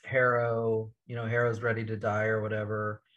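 A man in casual chat, calmly correcting and filling in the order of scenes. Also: on the low side, normal speed, lo-fi sound. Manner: matter-of-fact, corrects details.

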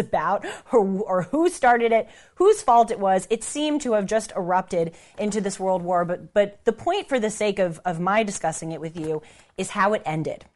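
Chatty American woman, lowish voice. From United States. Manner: chatty and conversational, with lively emphasis. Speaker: host. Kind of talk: casual talk to camera about travel and history.

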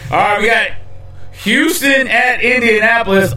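Man, podcast host, casual joking banter, high pitch, echoey room. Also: bright, forceful tone. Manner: loose, joking, quick to call on cohosts. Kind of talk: casual live podcast banter, making game picks. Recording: echoey room, mic at a distance.

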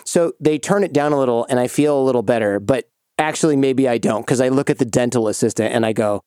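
A man hosts a podcast, recounting a funny story in a lively voice, laughing as he goes. His voice sits in the middle range and the studio recording is dry and close, with no room sound. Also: mid-range voice, fast, no room sound. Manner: animated, laughing while telling a story. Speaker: podcast host. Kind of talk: casual storytelling chat.

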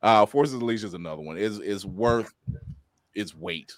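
A man's voice: on the low side, moderate pace, no room sound. A man co-hosting a podcast in loose, casual chat, swearing freely, laughing often and acting out quotes. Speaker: podcast co-host.

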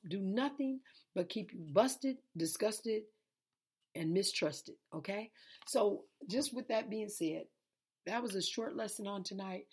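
Woman, lay preacher, sleepy and worn, gravelly husky low voice, loose repetitive delivery. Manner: repetitive, conversational preaching with restarts. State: tired and sleepy. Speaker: preacher hosting an online Bible lesson. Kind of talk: informal sermon.

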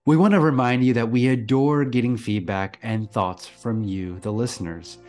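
A man's voice: medium pitch, moderate pace, soft background music. A man co-hosting a podcast, chatting casually about a TV episode and chuckling often. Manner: relaxed, chuckles often, frequent restarts. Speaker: podcast co-host. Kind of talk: casual chat.

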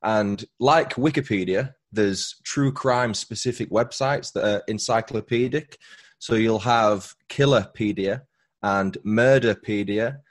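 A man's voice: on the low side, a little slow. A man with a British accent, a true crime podcaster, explaining his work in a casual interview. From Britain.

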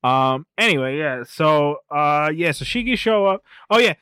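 A man's voice: fairly high pitch, animated, moderate pace, bright, forceful tone, clear, resonant tone, no echo, clean studio sound. A man co-hosting a podcast, recapping an anime film in casual chat. He rambles, swears freely, laughs often, and skims past details with "whatever.". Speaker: podcast co-host.

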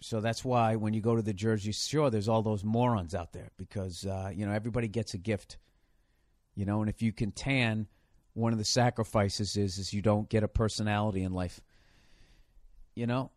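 A man's voice: fairly low pitch, fairly even intonation, moderate pace, a little mellow, dry recording. A man hosting a comedy show, ranting in a sarcastic, profane and rambling way. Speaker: comedian host.

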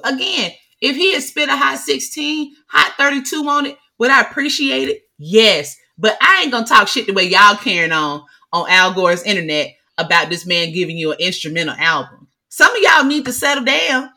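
Bright, animated woman co-hosting a podcast. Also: sits high, moderate pace, creaky, hardly any pauses. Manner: animated, swearing, loud exclamations. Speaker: podcast co-host. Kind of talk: casual chat.

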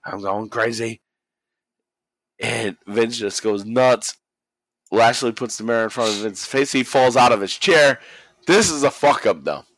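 Man, casual recap, profane, animated, dry close sound. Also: medium pitch, normal speed, no echo. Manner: animated, swears constantly, acts out quotes. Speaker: wrestling recap host.

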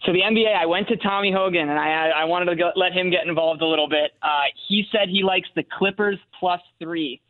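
A man calling in as a sports betting analyst, laying out his picks in a relaxed way with fillers and measured reasoning. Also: high voice, no room sound. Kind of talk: phone-in radio sports picks. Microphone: phone line. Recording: tinny dry phone line.

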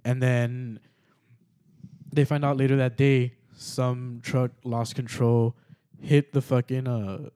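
A man's voice: medium pitch, slow, clean tone. Laid-back young man telling a story. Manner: relaxed, swears a lot, many fillers. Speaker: podcast host. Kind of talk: casual storytelling.

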